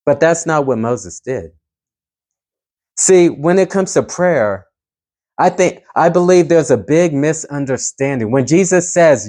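A man's voice: fairly high pitch, expressive, measured pace, a little mellow. A man preaching a sermon, earnest and emphatic, pushing his voice up to stress key points.

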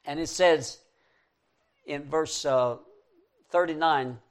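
A man preaching a sermon in an earnest, emphatic way, pushing key words up loud and letting conclusions drop soft. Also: fairly high pitch, slow.

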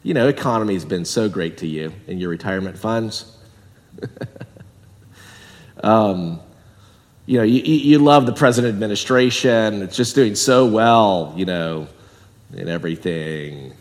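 A man preaching a sermon in a chatty way, jumping from loud emphatic bursts down to quiet asides. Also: fairly low pitch, lively intonation, measured pace, pauses often, long reverb tail. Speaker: pastor.

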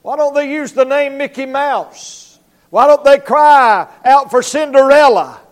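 High-voiced evangelist preaching. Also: male voice, unhurried. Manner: emphatic preaching, acts out voices and barking dog. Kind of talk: revival sermon. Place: church.

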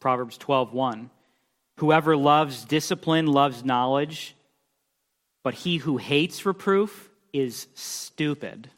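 A man preaching a sermon, emphatic, swinging between loud declarations and quiet asides as he reads scripture aloud. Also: mid-range voice, takes it slowly. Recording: long hall reverb.

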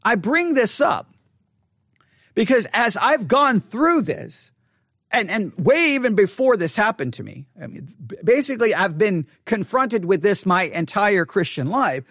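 A man, talking earnestly and haltingly to his online audience in an empty church sanctuary, repeating words as he goes. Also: high-pitched, very animated, a bit bright, no room sound, clean studio sound. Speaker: online Bible teacher. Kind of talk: personal monologue to an online audience.

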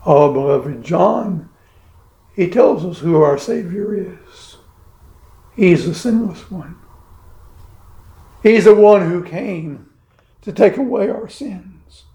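A man preaching a sermon in a slow, measured way, pausing heavily between emphatic phrases. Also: sits high, lively intonation, creaky, mellow, echoey room.

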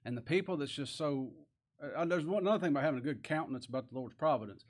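A man's voice: on the high side, very fast. A man preaching a sermon in a folksy, repetitive style that rises into emphatic bursts.

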